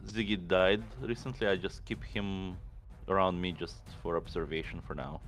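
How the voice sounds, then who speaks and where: A man playing a tabletop game who explains his character's turn in a measured way. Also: sits low, steady tone, fairly bright tone. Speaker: player. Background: background music.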